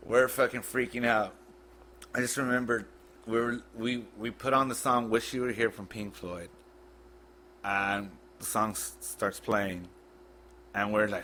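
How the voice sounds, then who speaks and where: A man on a podcast, retelling a painful memory in a blunt, halting, profane way. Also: lowish voice, fairly even intonation, sharp tone, slight background noise. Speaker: podcast guest. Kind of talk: casual storytelling.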